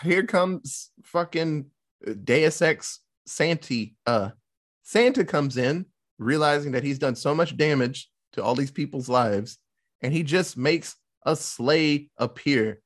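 A man's voice: on the high side, slow pace. A man casually recapping a movie plot, swearing and acting out the characters' lines. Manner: animated storytelling, swearing, mock quoting characters. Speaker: podcast co-host recapping a film. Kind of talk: casual chat.

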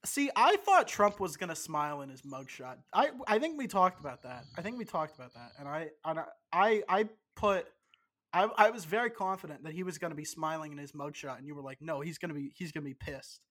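A man's voice: fairly high pitch, very animated, a little fast, a bit bright. A man co-hosting a podcast, a bit tipsy, rambling and swearing with lots of stumbling restarts. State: tipsy from drinking. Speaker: podcast co-host. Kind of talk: casual podcast banter.

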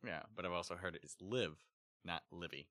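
A man co-hosting a casual chat, with a low voice and a deadpan, teasing delivery. He drifts into long anecdotes. The recording is close and dry. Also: brisk, no echo. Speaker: podcast co-host.

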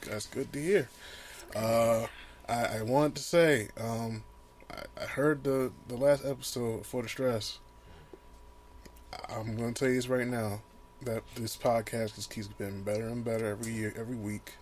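A man co-hosting a podcast, talking in casual chat that breaks into loud, profane rants with laughter. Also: medium pitch, normal speed, slight background noise. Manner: animated, profane ranting with laughs. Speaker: podcast co-host. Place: small home studio.

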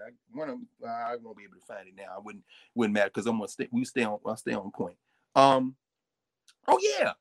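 A man, a professor, talking in an energetic storytelling way and acting out little asides and voices. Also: on the high side, no room sound. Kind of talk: animated lecture-style talk.

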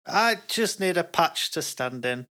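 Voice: mid-range voice, animated, a little slow, sharp tone. A player in a tabletop role-playing game who keeps pressing questions in a persistent way.

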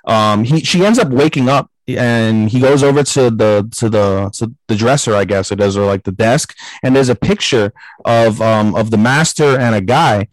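A young man co-hosting a casual podcast, retelling a plot in loose, rambling bursts full of swearing and acted-out character lines. His voice sits at an ordinary pitch for a man, recorded dry with no room sound. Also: moderate pace, dry recording, rough recording. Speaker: podcast co-host. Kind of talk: casual anime recap chat.

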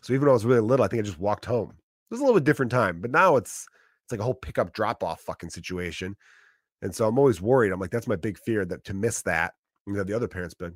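A man's voice: fairly low pitch, expressive, fast, dry recording, clean studio sound. A man in his thirties with a profane, rambling style in a casual comedic monologue.

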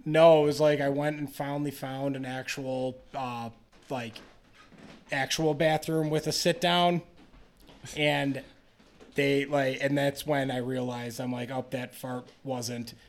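A man's voice: steady tone, unhurried. A young man hosting a casual podcast, telling a long rambling story and acting out the people in it. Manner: rambling storyteller, acts out quotes in a higher voice. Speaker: podcast host and comedian.

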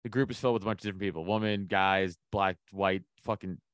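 A man's voice: low voice, fairly even intonation, fast, clean tone, dry recording. A man, a comedian telling profane stories on a podcast and laughing often. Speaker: comedian guest. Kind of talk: casual podcast chat.

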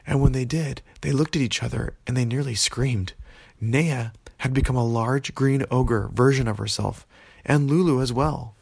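Gravelly-voiced man telling a children's story. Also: medium pitch, normal speed, a little mellow, no echo. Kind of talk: children's bedtime story narration.

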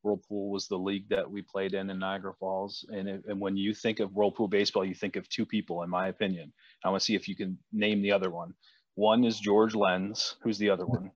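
A man's voice: sits low, level tone, fairly quick, dry recording, lo-fi sound. A man hosting a casual chat, telling stories with frequent restarts and repeated words. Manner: storytelling, many restarts.

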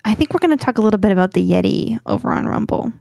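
A woman co-hosting a podcast tells a story from her notes in a loose, giggly way, often tripping over her words. Her mid-range voice is gravelly and warm, with lively intonation and a rapid-fire delivery, and there's no room sound.

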